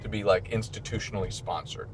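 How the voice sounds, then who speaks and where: A man with a Midwestern American accent, a priest hosting a casual chat during a car ride and telling stories with lively quotes. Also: on the low side, quick pace, a little hiss or hum. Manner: chatty, storytelling with mimicked quotes. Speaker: priest and podcast host.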